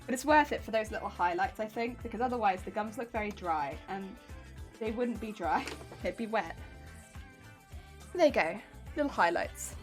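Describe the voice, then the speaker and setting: A young woman chatting bubbly and excitable as a craft streamer, talking while she sews. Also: medium pitch, normal speed. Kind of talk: casual livestream chat while sewing. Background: background music and sewing machine.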